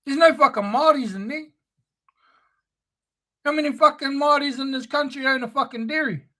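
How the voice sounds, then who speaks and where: High-pitched angry New ranter. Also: brisk, sharp tone. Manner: angry, profane, sneering. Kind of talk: spoken-word rant.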